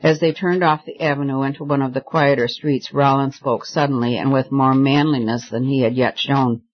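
Casting: male audiobook narrator, steady even delivery, middle pitch, slightly dull lo-fi recording. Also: moderate pace. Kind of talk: scripted narration.

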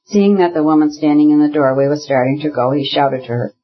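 A man reads a classic novel aloud in measured, even narration. His fairly high voice has a husky edge. The recording sounds dull and lo-fi. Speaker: audiobook narrator.

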